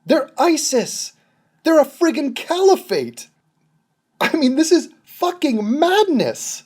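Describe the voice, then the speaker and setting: Young male reaction host, sarcastic and profane, very lively intonation. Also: very high-pitched, takes it slowly. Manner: sarcastic, mocking, swears often. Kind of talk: profane mocking commentary over a clip.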